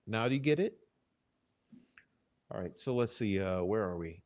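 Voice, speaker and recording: A man's voice: lowish voice, expressive, normal speed, long pauses. Swearing, heated male stream host. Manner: swears often, shifts from loud outbursts to muttering. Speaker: channel host. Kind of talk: live-stream commentary. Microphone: desk microphone.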